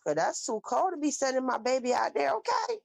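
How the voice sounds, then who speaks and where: A woman hosts a casual livestream, reading comments from chat in a chatty, animated way and calling viewers baby. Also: sits high, fairly quick, creaky, dry recording, low-quality recording.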